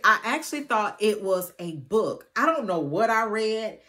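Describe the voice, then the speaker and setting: A woman's voice: medium pitch, big pitch swings, normal speed, hardly any pauses. A woman hosting a Christian finance channel, speaking to her viewers in a familiar, folksy way and leading them in prayer and scripture reading. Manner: warm familiar address to viewers, folksy and preacherly; reads scripture aloud and prays earnestly. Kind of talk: casual faith-based teaching and prayer.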